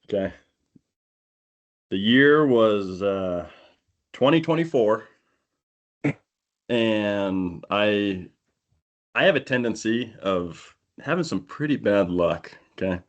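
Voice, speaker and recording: A man on a podcast telling a long, animated hunting-trip story in casual chat, acting out the people he quotes. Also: fairly low pitch, takes it slowly, pauses often, highs cut off. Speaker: podcast co-host. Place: indoor podcast studio.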